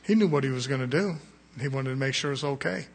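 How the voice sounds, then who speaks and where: A man preaching a fiery sermon, swinging from quiet asides to shouted peaks. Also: mid-range voice, quick pace, husky.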